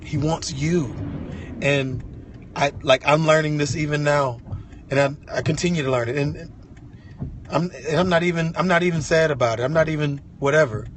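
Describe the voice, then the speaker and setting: A man's voice: a little high, brisk, slight background noise. A man sharing an impassioned devotional message from inside a vehicle, fervent and repetitive, with casual slang. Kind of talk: impassioned devotional vlog talk.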